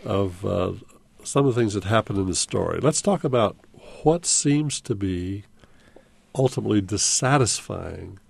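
A man's voice: fairly low pitch, creaky, husky. A man hosting a call-in radio discussion, thoughtful and stopping to restart his phrases. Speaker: radio talk show host.

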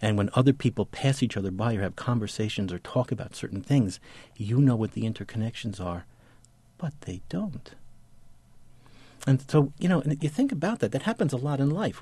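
A male guest talks through a book he likes, breaking into chuckles and circling back as he goes, then reads passages aloud. His voice is husky and sits a little low. The sound is dry and close, with no room echo. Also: expressive, fast, warm tone. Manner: chuckles often, rambling with restarts. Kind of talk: casual book talk with read-aloud excerpts.

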